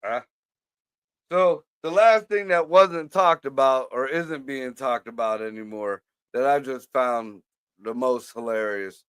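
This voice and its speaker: A man's voice: medium pitch, measured pace, a bit bright, clean tone, no echo. A man co-hosting a casual podcast chat, blunt and profane, laughing often. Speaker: podcast co-host.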